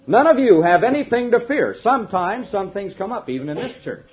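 A male preacher delivers a sermon in a fairly high, animated voice. He leans on rhetorical questions, and his volume swings from forceful declarations to quiet asides. The recording sounds dull and lo-fi, like an old tape. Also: fairly quick, slightly rough. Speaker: minister preaching to a congregation.

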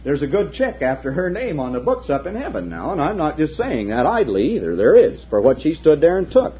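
A man preaching a sermon, firing rhetorical questions and swinging between loud declarations and hushed asides. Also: on the high side, wildly swooping pitch, brisk, lo-fi sound, a little hiss or hum. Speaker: minister preaching to a congregation.

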